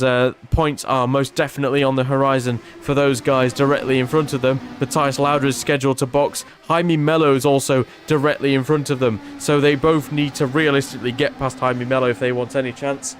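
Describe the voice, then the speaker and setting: A male commentator calls a racing game in a loose, chatty livestream manner. His mid-range voice stays conversational, then climbs when drama hits the track. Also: medium pitch. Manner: chatty, rises excitedly at incidents, asides to chat. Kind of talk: casual livestream race commentary.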